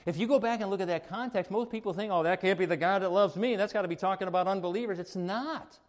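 High-voiced emphatic male preacher. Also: quick pace. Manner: emphatic preaching, swings between quiet asides and raised exclamations. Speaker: pastor. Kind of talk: sermon.

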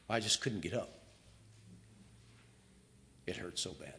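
Man preaching, loud then hushed. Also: deep voice, expressive, slow pace, a little hiss or hum. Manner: swings between loud emphatic lines and quiet, hushed confessions; reads scripture aloud with feeling. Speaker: pastor. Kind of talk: sermon.

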